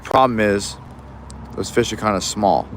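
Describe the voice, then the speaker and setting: A man's voice: on the low side, a little slow, slight background noise. A young man in Alaska chatting casually on a fishing livestream, rambling and easygoing with many restarts, recorded outdoors in the rain on a phone.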